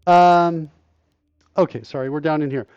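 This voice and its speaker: A man's voice: fairly high pitch, steady tone, moderate pace, a little mellow, clean tone, dry recording. A middle-aged man hosting a live-coding stream, thinking aloud and questioning himself as he steps through code. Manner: muttering, self-questioning walkthrough of code. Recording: dull, slightly lo-fi dry mic sound.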